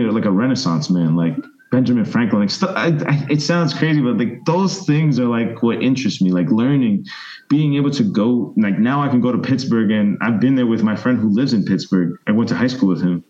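A man in his thirties, a guest telling long, animated stories and acting out other people's voices. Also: fairly low pitch, brisk, dull audio. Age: 30s. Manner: rambling, animated storyteller, mimics voices. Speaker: interview guest. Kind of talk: casual storytelling interview.

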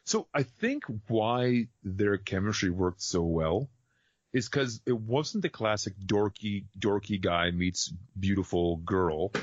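Male co-host, lowish voice, relaxed, dull lo-fi mic, no room. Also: slow, no echo. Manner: relaxed, agreeable, asks questions. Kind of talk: casual chat about a film. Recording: dull dry lo-fi sound.

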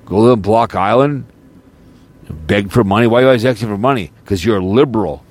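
Man, streamer, ranting monologue, accusatory, repetitive questions, slightly low voice. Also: a little fast, a little mellow. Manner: accusatory, fires repeated rhetorical questions. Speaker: streamer and podcast host.

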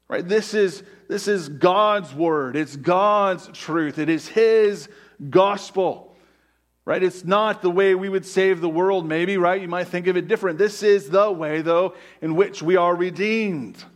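Emphatic male pastor preaching. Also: high-pitched. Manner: emphatic, slows down to stress key words, many "right?" asides. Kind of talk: sermon.

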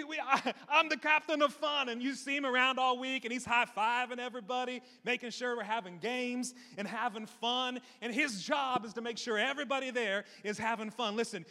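Energetic joking pastor in echoey hall. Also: male voice, very high-pitched. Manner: energetic, joking, repeats key phrases. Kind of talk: sermon. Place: church hall.

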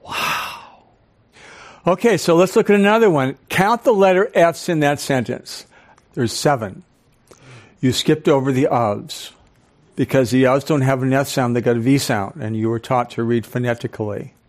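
An older man, a speaker and professor, lectures a live audience in a club hall at an ordinary middle pitch. His delivery is animated, and he keeps pausing to toss questions at the crowd.

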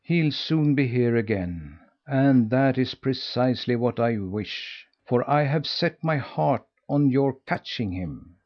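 A man's voice: mid-range voice, animated, slow, hardly any pauses, highs cut off. A man voicing a tiny, plucky young boy in a storybook reading, talking eagerly and urgently. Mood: scheming.

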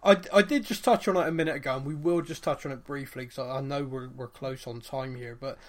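A man's voice: mid-range voice, quick pace. A man, casually recapping a TV series on a podcast, rambling with fillers and acting out quotes. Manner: animated, rambling retelling with fillers and acted-out quotes. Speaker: podcast co-host.

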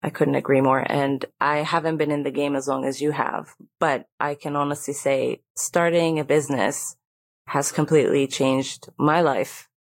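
A woman's voice: low voice, steady tone, moderate pace. A woman guest-hosting an interview, affirming and encouraging as she asks questions and agrees. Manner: warm affirming listener, encouraging. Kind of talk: conversational interview.

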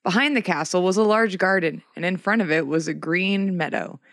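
A narrator reading a fairy tale aloud in a comic reading, mostly steady but stumbling over the odd word. The sound is dry and close, with no room echo. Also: medium pitch, a little fast. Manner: reads steadily, stumbles on words.

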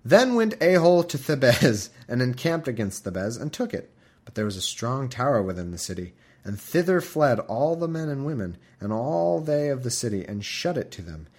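A man hosting a podcast, reading scripture aloud with wry, irreverent asides. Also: mid-range voice. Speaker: podcast host. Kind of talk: comedic scripture reading with commentary.

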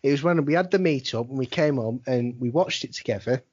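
A man's voice: medium pitch, a little fast, a little mellow, breathy edge, no echo, highs cut off. A young man from England chatting on a podcast at home, swearing a lot and laughing often. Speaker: podcast co-host. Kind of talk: casual chat. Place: at home, speaking from his room.

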